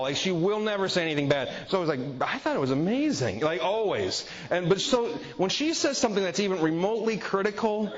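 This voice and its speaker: Man preaching, self-deprecating storyteller. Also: sits high. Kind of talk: humorous sermon story. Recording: dull lo-fi audio with crowd laughter.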